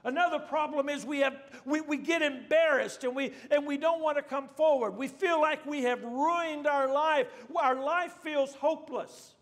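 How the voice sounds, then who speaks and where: A pastor preaches with fervor, circling back on his phrases and restarting lines. His voice sits unusually high for a man. It rings out with a long reverb, as if recorded in a church sanctuary. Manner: fervent, repetitive preaching with restarts. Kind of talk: sermon.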